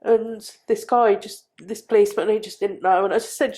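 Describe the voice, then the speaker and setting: A middle-aged woman recounting a painful personal story as a podcast guest, halting and repeating herself. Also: mid-range voice, steady tone. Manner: halting, repeats phrases, quiet.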